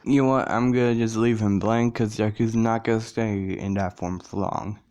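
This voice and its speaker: A man's voice: on the low side, fairly even intonation, normal speed, a little mellow, clear, resonant tone. A man casually narrating a fan story, rambling and correcting himself as he goes.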